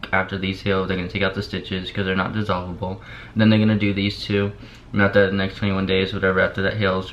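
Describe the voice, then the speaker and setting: A young man talks casually to the camera in a lowish voice. He is drowsy on pain medicine, barely opens his mouth, and rambles with repeats and filler words. The audio is dull and lo-fi, with a faint hiss underneath. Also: a bit bright. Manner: rambling, repeats himself, lots of "like". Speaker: vlogger.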